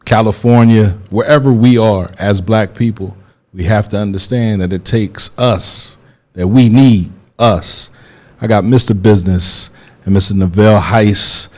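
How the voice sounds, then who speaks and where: A man's voice: fairly low pitch, fairly even intonation, a little slow, a little mellow. A man hosting a casual radio interview, emotional and choked up, talking in a heartfelt, rambling way. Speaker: radio show host.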